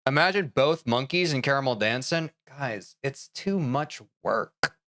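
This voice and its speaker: A man's voice: medium pitch, lively intonation, unhurried, fairly bright tone. A young man livestreaming a game, chatting casually with viewers, self-mocking and swearing freely. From United States. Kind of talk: casual chat with viewers while gaming.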